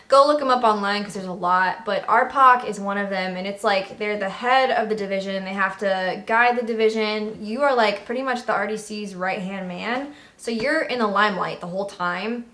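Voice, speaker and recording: A young woman recalling her Navy days in a relaxed, chatty vlog. She talks at a middle pitch, laughs easily and tells her stories with bubbly energy. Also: normal speed. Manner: bubbly, laughs a lot, storytelling. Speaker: Navy veteran vlogger. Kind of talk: casual chat.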